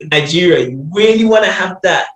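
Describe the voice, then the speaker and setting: A man's voice: high voice, lively intonation, normal speed, fairly bright tone. A man hosting a casual interview, easygoing and rambling with lots of fillers. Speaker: host. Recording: roomy echo.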